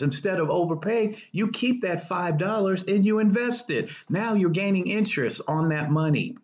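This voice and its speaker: Emphatic man giving money tips. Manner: emphatic, repeats key points, lively swings between high stresses and low asides. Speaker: personal finance show host. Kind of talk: casual direct-to-viewer advice talk. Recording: dull lo-fi recording.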